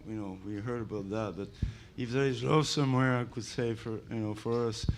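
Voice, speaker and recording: A man's voice: medium pitch, fairly even intonation, fairly quick. A man with a French accent moderating a gathering, speaking English loosely with many fillers. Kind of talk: hosting a live gathering. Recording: noisy live event recording.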